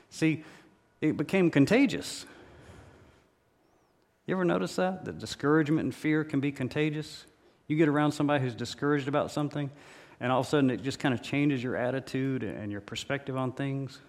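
A pastor delivering a sermon in a church, emphatic and repetitive, with humorous stories. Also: male voice, on the high side, lively intonation, brisk, darkish tone. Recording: reverberant hall.

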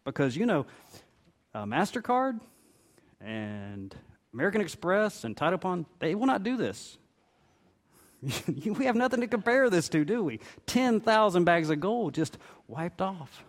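A man's voice: high voice, very animated, measured pace. A middle-aged man preaching a sermon, telling a parable with expression and briefly voicing its characters. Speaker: pastor.

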